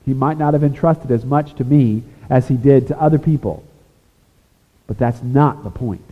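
A pastor preaching a sermon, earnest, rising to emphatic points and dropping to a hushed, confessional tone. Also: male voice, medium pitch, moderate pace. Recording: echoey hall over a tinny phone-like line.

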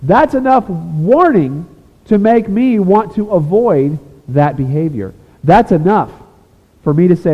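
A pastor preaching a sermon, earnest, rising to emphatic points and dropping to a hushed, confessional tone. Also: male voice, high-pitched, lively intonation, a little slow, breathy edge. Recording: echoey hall over a tinny phone-like line.

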